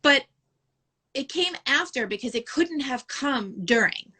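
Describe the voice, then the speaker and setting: A woman's voice: sits high, lively intonation, a little slow, sharp tone. A woman talking openly as an interview guest, emotional and frank, often laughing and quoting her own thoughts. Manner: open and emotional, laughs often, quotes herself. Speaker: guest, photographer. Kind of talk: candid interview talk.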